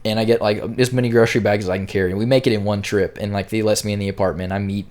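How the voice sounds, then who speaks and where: A man's voice: fairly low pitch, level tone, rapid-fire, darkish tone. A young man telling a rambling, profane storytime in casual slang. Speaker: storyteller vlogger.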